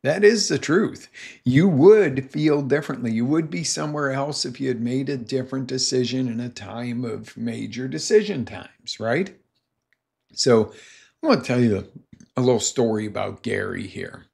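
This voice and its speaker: Gravelly-voiced male motivational coach. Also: medium pitch, normal speed. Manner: emphatic, animated storyteller. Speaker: life coach. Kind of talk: motivational talk with storytelling.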